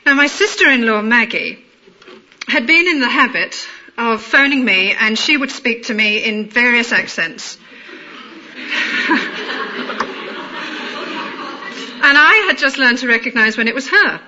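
A woman with a middle-class London accent tells a personal anecdote in a measured, amused way. Her voice is fairly high and bright. The recording is dull and lo-fi. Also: lively intonation, a little hiss or hum. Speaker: storyteller. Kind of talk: personal anecdote told aloud.

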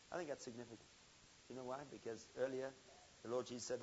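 A man preaching a sermon, telling a story with swings from loud emphasis to quiet intensity. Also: mid-range voice, steady tone, fast talker, highs cut off, a little hiss or hum.

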